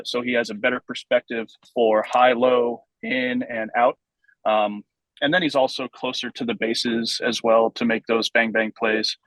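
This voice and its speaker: A man guesting on a podcast, explaining things in a relaxed, casual way with plenty of ums and uhs. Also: medium pitch, no room sound, rough recording. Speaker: vintage base ball club member, guest.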